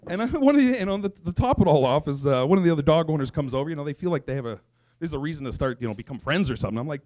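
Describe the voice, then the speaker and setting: A man hosting a comedy night, telling an animated, sarcastic and profane stand-up story. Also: a little high, very fast. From raised by Italian parents. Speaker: comedy show host.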